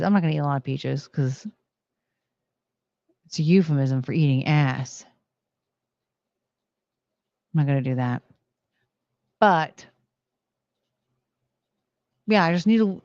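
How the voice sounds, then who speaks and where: A young woman is casually chatting on a stream, slipping into a high baby-talk voice for her dogs between plain remarks. The recording sounds dry and muffled.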